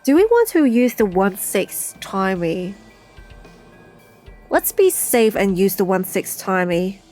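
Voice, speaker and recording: Female let's-player, casual chatty commentary, middle pitch, slow. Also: very animated, darkish tone, soft background music. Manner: thinking aloud, unhurried and chatty. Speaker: let's play streamer. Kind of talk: casual game playthrough commentary.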